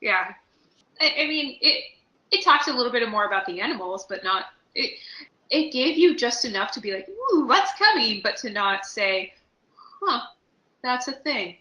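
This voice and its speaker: A woman's voice: fairly high pitch, lively intonation, moderate pace, bright, forceful tone, reverberant, low-quality recording. A woman co-hosting a fan podcast in casual chat, telling stories animatedly and quoting with a raised voice. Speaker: podcast co-host.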